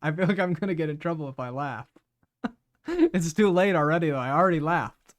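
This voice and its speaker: A man's voice: a little high, fairly quick. A man streaming live, chatting casually with his viewers, laughing often and repeating words as he talks.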